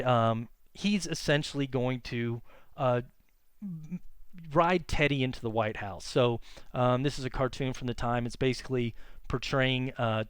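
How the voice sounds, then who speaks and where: Smooth-voiced man giving a casual lecture. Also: medium pitch, no room sound. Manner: casual and conversational, many fillers and self-corrections. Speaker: history teacher. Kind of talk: classroom history lecture.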